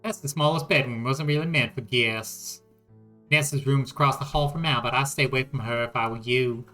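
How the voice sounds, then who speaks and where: A man doing a gruff Canadian lodge keeper. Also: medium pitch, sharp tone, soft background music, close to an everyday voice. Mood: brusque. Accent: put-on Canadian. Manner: brisk, folksy, bossy.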